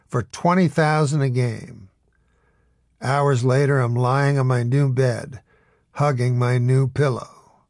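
A man's voice: mid-range voice, gravelly, a little mellow, no echo, studio quality. A man narrating a first-person audiobook story in a wry, storytelling manner.

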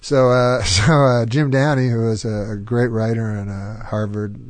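A man's voice: medium pitch, fairly even intonation, normal speed, no room sound. A man and comedian guest telling rambling anecdotes in casual chat, chuckling and slipping into voices. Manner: rambling anecdotes full of impressions and laughter. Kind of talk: casual storytelling.

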